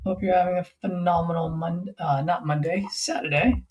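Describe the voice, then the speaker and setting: A man with a somewhat high voice, guesting on a casual livestream through a computer mic. He sounds easygoing and jokes at his own expense. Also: steady tone, normal speed, a little mellow, a little hiss or hum, low-quality recording. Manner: easygoing, joking, self-deprecating. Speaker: guest sales closer.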